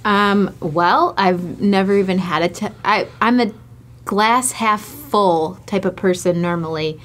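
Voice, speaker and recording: A woman's voice: mid-range voice, a little slow, fairly bright tone. A woman from Michigan, co-hosting a casual chat with her husband, telling a personal story in a candid, heartfelt way. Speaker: co-host, host's wife.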